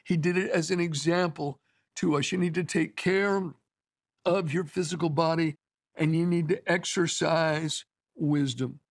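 A man's voice: a little high, fairly even intonation, unhurried, vocal fry. A man preaching a sermon in a conversational, storytelling way, often restarting his phrases.

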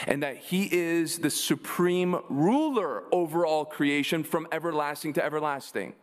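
A man preaching a sermon, asking his congregation rhetorical questions and answering them with emphasis. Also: fairly high pitch. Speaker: pastor.

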